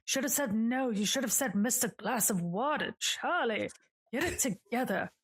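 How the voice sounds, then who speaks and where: A whiny, dramatic ghost, as a woman game master puts it on, pitched noticeably higher than her own voice. It sounds exasperated and bossy. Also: animated, normal speed, breathy edge. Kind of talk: voicing characters in a tabletop game.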